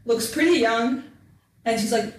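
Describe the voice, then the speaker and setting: A woman runs a tabletop game, narrating scenes in a loose, chatty way with plenty of fillers. Her voice is a little high and sits far from the mic in a very echoey room, with faint noise behind it. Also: a little slow. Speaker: game master.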